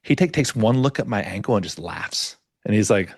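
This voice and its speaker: A middle-aged man hosting a podcast, telling a story in an animated way and acting out the voices of the people in it. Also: fairly low pitch, fairly quick, gravelly, slightly rough, no room sound, clean studio sound. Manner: animated storyteller, acts out quoted dialogue. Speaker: podcast host. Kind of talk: casual podcast conversation.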